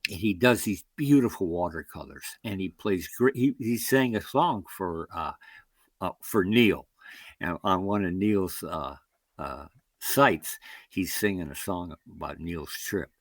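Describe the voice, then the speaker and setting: A man's voice: sits low, unhurried, dry recording. An American man, a long-distance canoeist, telling rambling stories in an interview and acting out what people said. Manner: rambling, animated anecdotes with acted-out quotes. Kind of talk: storytelling interview.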